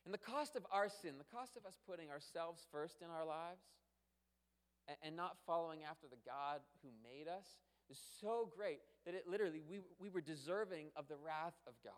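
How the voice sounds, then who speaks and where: High-voiced preacher in a reverberant hall. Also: male voice, moderate pace, clear, resonant tone. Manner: emphatic, rhetorical questions, repeats for effect. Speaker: pastor. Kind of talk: sermon. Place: church sanctuary.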